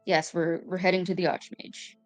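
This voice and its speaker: Calm, evasive young man, soft hesitant reassurance, as a woman plays him. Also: on the low side, normal speed, faint music behind, close to an everyday voice. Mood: reassuring.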